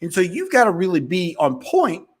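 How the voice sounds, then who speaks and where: Husky guy coaching sales, talks fast and all over the place, pitch swinging way up and down. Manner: fast-talking, animated, rambling with restarts. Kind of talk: motivational monologue to viewers.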